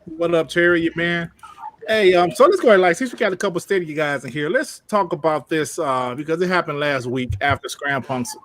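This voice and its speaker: A man's voice: a little high, brisk, a bit bright, no echo. A man hosting a live gaming podcast in a loose, slangy way, greeting the chat and asking his co-hosts questions. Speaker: podcast host reading chat. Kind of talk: casual live-stream chat.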